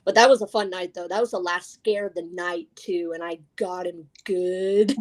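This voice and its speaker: A young woman, a guest scare actor, telling stories in casual podcast talk, animated, laughing often and acting out what people said. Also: on the low side, moderate pace.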